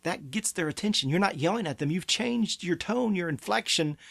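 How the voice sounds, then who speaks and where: Man, gravelly and fairly high-pitched, earnest parenting advice in a dry, close sound. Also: expressive, moderate pace, a bit bright, no room sound. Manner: earnest, emphatic, acts out parent and child quotes. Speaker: pediatric therapy clinic presenter. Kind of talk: advice talk to camera.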